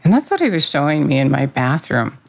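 A woman's voice: sits low, very animated, brisk, gravelly, rough recording. A woman giving an informal devotional talk, earnest and conversational, opening with a prayer and speaking about her faith. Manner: earnest, conversational, with fillers and self-corrections.

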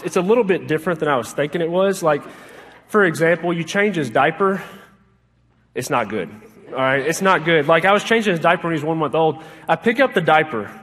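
A man's voice: sits high, fairly bright tone, big-room sound. A young man preaching a sermon in a chatty, joking way, full of "like" fillers, from a church sanctuary. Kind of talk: sermon with personal stories.

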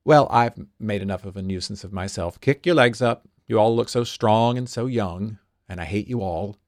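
A gracious stage-star lady with a clipped, lockjawed way of speaking and a little smoke in her tone, playful and quick to mock herself, as a man with a low, gravelly voice puts her on. The sound is close and dry. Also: dry recording, close to an everyday voice. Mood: warm teasing. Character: gracious veteran female stage star, playful, self-mocking.

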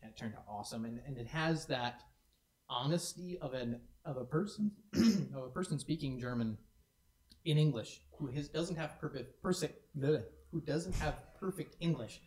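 A man's voice: mid-range voice, moderate pace, a little mellow. A man co-hosting a community stream, talking casually and enthusiastically with many restarts. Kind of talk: casual chat. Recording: echoey room.

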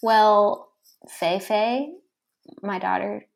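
A woman's voice: medium pitch, fairly even intonation, extremely slow, creaky. A young adult woman guesting on a podcast, chatting casually, gushing and rambling with laughs. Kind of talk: casual chat.

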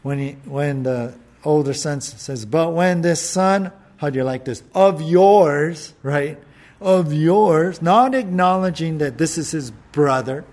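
A man's voice: normal speed, few pauses. A man preaching a sermon, reading scripture aloud and explaining it in a conversational, emphatic way. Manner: emphatic, acts out quoted lines with rising pitch; conversational with filler words and restarts.

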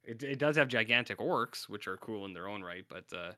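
Podcast co-host, male, slightly low, bright forceful tone, rambling laid-back banter. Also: lively intonation, brisk, no room sound, clean studio sound. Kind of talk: casual chat.

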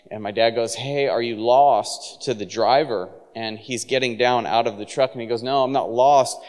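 A man at mid pitch preaches, telling a lively story and breaking into laughter as he acts out the people in it. His voice rings out with a long hall reverb, as if from a church stage. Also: clean tone. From San Francisco. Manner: animated, laughing storyteller acting out quotes. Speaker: pastor. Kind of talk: sermon storytelling.

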